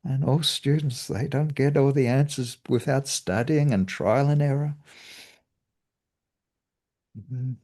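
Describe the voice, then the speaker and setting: A man's voice: mid-range voice, slow, long pauses, darkish tone. A man, a meditation teacher giving a cheerful spiritual talk and laughing often.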